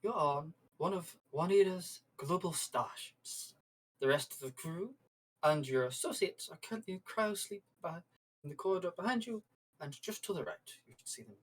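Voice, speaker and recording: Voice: mid-range voice, animated, slightly rough, poor audio. A game master putting on a smug corporate manager. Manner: courteous, drawn-out, faintly menacing. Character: smug polite male corporate manager on a starship screen.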